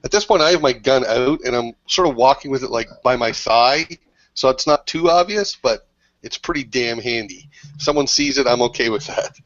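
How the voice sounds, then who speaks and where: A man's voice: medium pitch, moderate pace, fairly bright tone, no room sound, lo-fi sound. A man playing a tabletop game in character, talking bluntly and tough. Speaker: player.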